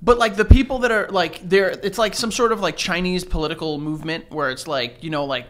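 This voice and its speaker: A man co-hosting a podcast, rambling and halting with many "like"s in casual banter. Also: high-pitched. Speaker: podcast co-host.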